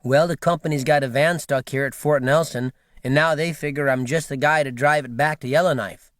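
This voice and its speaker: A man's voice: on the high side, fairly even intonation, brisk, a bit bright, no room sound, clean studio sound, close to an everyday voice. A man voicing a cheerful young bush pilot in his twenties, friendly and boastful, in an audiobook. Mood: friendly teasing. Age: 20s.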